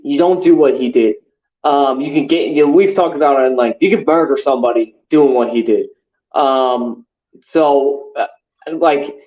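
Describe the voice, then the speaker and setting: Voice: mid-range voice, darkish tone, dull audio. A podcast co-host in casual sports chat, ranting heatedly with lots of swearing and fillers.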